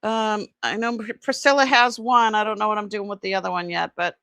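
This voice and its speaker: A middle-aged woman chatting casually during an online jewelry sale, trailing off with fillers and switching to high cooing baby talk with her pet. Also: steady tone, a little fast, fairly bright tone, clean tone, no room sound. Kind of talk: casual live-sale chat.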